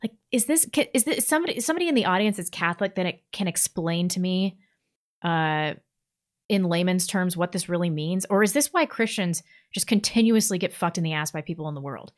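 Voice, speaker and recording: Woman, co-host, lowish voice, blunt, casual, animated. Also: fairly quick. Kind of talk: casual chat.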